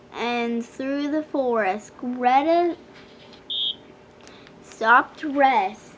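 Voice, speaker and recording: A woman narrating a children's storybook aloud with slow, expressive storytelling. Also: high voice, a little hiss or hum. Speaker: storybook reader.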